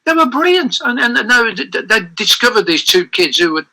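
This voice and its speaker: Older guy reminiscing in an interview, animated, keeps restarting his sentences, really sharp bright voice. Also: very high-pitched, moderate pace, poor audio. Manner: animated, rambling anecdotes with many restarts. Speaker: interview guest. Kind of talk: reminiscing interview over a call.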